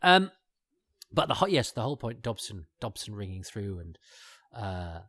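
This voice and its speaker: A man's voice: lowish voice, sing-song, normal speed, a bit bright, no echo. A man talks through an old episode in a casual commentary, rambling with many restarts and fillers and chuckling asides. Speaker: podcast host.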